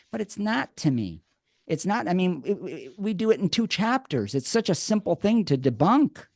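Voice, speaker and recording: A man telling his story as a podcast guest in a lively, conversational way. He restarts and repeats words and acts out quotes from the past. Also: a little high, dry recording, clean studio sound. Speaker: podcast guest, addiction program co-creator.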